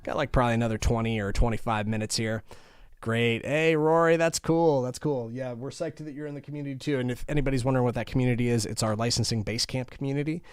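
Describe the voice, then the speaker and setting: A man's voice: medium pitch, fast, clean tone, dry recording. Male host, casual and chatty, audibly tired; dry, close recording. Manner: chatty, greets viewers by name. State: tired, low energy. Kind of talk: casual livestream chat.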